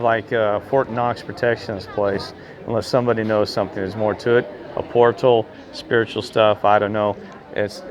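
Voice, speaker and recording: A man telling a rambling, animated story in casual talk, with frequent restarts. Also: fairly low pitch. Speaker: spiritual investigator. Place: outdoors in a town.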